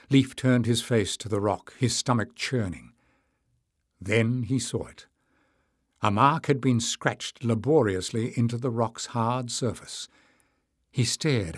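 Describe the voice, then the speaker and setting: A man narrating an audiobook in a measured storytelling manner. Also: medium pitch, slightly rough, dry recording, clean studio sound. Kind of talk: scripted narration.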